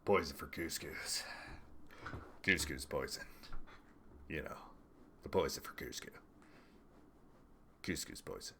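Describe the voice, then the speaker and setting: A man putting on the voice of a dim-witted burly male cartoon henchman, slow, goofy and deep. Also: bright, forceful tone, slight background noise, heavily acted.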